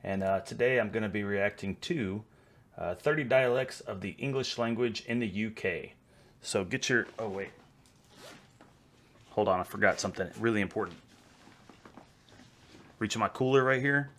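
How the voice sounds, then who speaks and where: A man with a Texan drawl hosts a relaxed reaction video, his voice sitting low. He talks in a loose, easygoing way and breaks into laughter often. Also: moderate pace, pauses often. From Houston, Texas. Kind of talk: casual reaction commentary.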